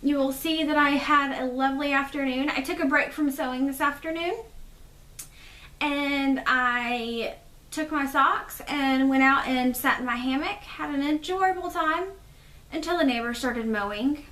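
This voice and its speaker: A woman's voice: high-pitched, a little slow, sharp tone. Stuffy-sounding woman chatting in a roomy space. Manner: chatty and rambling, with fillers. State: stuffy from allergies. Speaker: podcast host. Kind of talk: casual chat.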